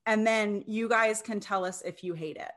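A woman co-hosting a podcast in casual chat, bubbly and quick to laugh, full of eager questions. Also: mid-range voice, fairly even intonation, fairly bright tone. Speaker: podcast co-host.

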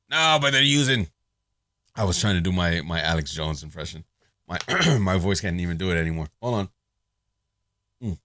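A man hosting his own podcast, ranting in a sarcastic, profane, animated monologue. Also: deep voice, moderate pace, long pauses, no echo, clean studio sound. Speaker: podcast host.

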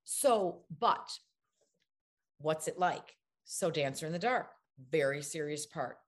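An actress in an interview, telling lively anecdotes and acting out the lines of the people in them. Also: female voice, low-pitched, slow. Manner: animated storyteller, acts out other people's lines. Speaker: actress guest.

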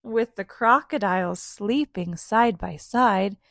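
A woman reading a picture book aloud to children, animated and asking them to join in with sounds. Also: mid-range voice, slow pace, dry recording, studio quality.

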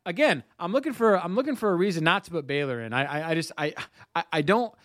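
A man's voice: a little high, expressive, quick pace, a bit bright, dry recording, studio quality. A man co-hosting a sports podcast, chatting casually, often restarting his sentences and making joking asides. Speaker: podcast co-host.

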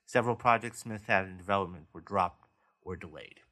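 A man's voice: low voice, fairly quick, pushed and bright. A man hosting a movie news podcast, reading out stories and then chatting about them casually. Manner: reads news stories aloud, then chats. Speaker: podcast host.

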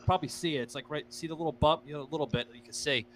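A man's voice: a little high, racing. A man hosting a podcast, telling stories in a rambling, profane way with lots of fillers. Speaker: podcast host. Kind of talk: casual podcast chat.

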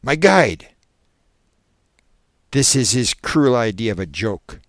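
A man voicing a terrified man under regression hypnosis, a former preacher, with shrill panicked outbursts. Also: big pitch swings, slow, no room sound, studio quality. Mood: wry relief.

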